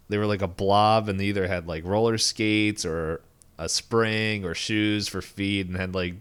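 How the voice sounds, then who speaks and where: Low, smooth-voiced man recapping. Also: a bit bright. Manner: rambling, lots of fillers, acts out characters' lines in quick voices. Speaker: podcast co-host. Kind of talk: casual chat recapping a cartoon.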